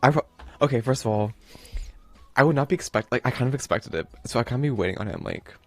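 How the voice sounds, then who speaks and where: A man's voice: medium pitch, lively intonation, quick pace, faint music behind. A man streaming a video game, chatting casually in a rambling, playful way full of fillers, and reading the game text aloud.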